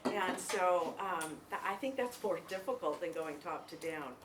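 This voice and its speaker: A middle-aged woman lecturing a class in a chatty, animated way, laughing as she tells stories. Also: on the low side, normal speed, background noise. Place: lecture room.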